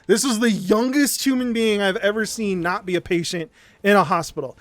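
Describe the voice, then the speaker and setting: High-ish guy streamer ranting a story, sarcastic, swears a lot, stumbles over words, no room sound. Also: normal speed, dry recording. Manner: animated, sarcastic, profane, stammering restarts. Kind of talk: casual storytelling.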